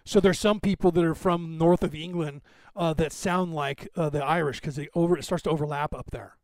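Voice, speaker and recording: American guy rambling on his podcast, lots of ums and restarts, kinda high voice, dry sound. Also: fairly quick, no room sound. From United States. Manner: rambling, many fillers and restarts. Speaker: podcast host. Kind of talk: casual commentary.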